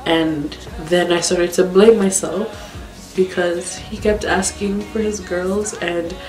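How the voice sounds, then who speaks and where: A woman vlogger telling a painful personal story in a halting, tearful way, holding back tears. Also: lowish voice, darkish tone. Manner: halting, tearful, many fillers and restarts. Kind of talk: emotional storytime monologue. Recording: roomy echo with faint background music.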